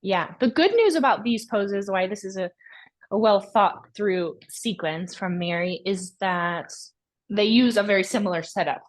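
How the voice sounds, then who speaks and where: A woman's voice: mid-range voice, a little slow. A woman hosting an online yoga class, chatting casually while she demonstrates poses and asks her guest questions. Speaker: yoga teacher and class host.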